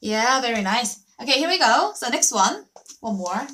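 High-voiced cheerful Korean woman teaching. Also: lively intonation, pushed and bright. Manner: slow, drawn-out syllable drills, cheerful praise. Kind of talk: live online language lesson.

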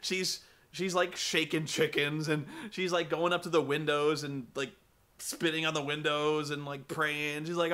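A man vlogging a casual, profane rant about a film, rambling and animated with lots of swearing. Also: a little high, normal speed.

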